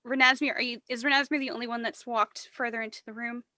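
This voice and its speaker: A woman running a tabletop game, describing rooms and foes with lots of pauses and fillers. Her voice is bright and a touch high, recorded close and dry on a podcast mic. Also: fairly even intonation, no echo. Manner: descriptive, hesitant with many fillers. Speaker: game master.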